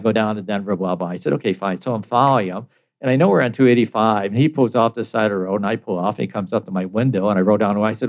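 An older American man, the show's guest, telling a story in casual chat, animated and laughing often as he acts out the voices of others. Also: lowish voice, fast, muffled recording.

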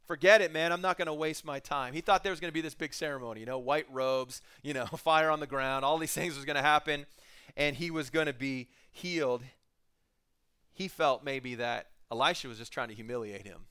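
A man's voice: medium pitch, brisk, sharp tone, clear, resonant tone. A middle-aged man preaching a casual sermon, retelling the story with jokes and acted-out bits of dialogue. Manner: casual, joking storyteller who acts out scenes. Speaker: pastor.

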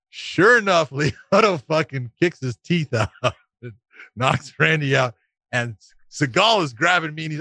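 A man telling a casual anecdote on a talk show, animated, laughing through it and swearing freely. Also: mid-range voice, no room sound. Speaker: podcast co-host telling a story. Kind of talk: casual storytelling.

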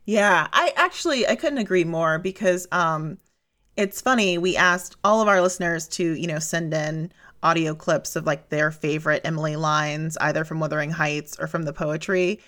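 A woman co-hosting a book podcast in easy conversation. Her voice sits a little low, and she is quick to back up what her co-host says. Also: a bit bright. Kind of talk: casual book-club chat.

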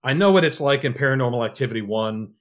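A man's voice: medium pitch, lively intonation, quick pace, a bit bright. A man co-hosting a podcast, telling a funny story about a film scene and laughing along. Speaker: podcast co-host. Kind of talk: casual film review chat.

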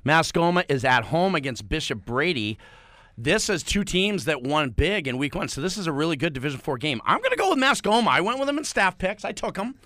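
Guy co-hosting a sports pod, bright voice bouncing all over, dry close mic. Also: a little high, brisk, no echo. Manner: animated and teasing, voice swinging up and down. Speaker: podcast co-host. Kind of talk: casual sports podcast chat.

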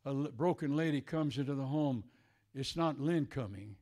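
An older male preacher delivering a sermon, swinging between shouted declarations and hushed, tender passages. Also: mid-range voice, moderate pace.

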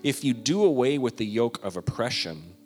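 A man preaching a sermon as a pastor, earnest and emphatic, moving between quiet asides and loud, stressed passages. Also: mid-range voice, very animated, normal speed, soft background music.

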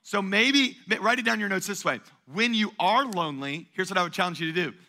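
A male pastor delivering an energetic sermon in a church, calling on the congregation to answer back. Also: high-pitched, fast talker. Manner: call-and-response preaching, energetic and emphatic.

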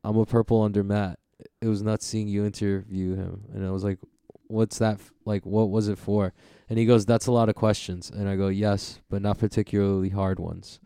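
A young man with a mellow, smooth, somewhat low voice, rambling casually on a podcast with frequent swearing. He is recorded dry and close, with no room sound. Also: little pitch movement, moderate pace, no echo. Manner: rambling, swears often, full of fillers. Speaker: podcast co-host.

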